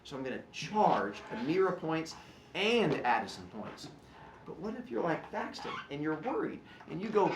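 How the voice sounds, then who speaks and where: A man teaching and explaining classroom rules in an animated, joking way, acting out his students. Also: on the high side, unhurried, echoey room, a little hiss or hum. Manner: animated, jokey, acts out students.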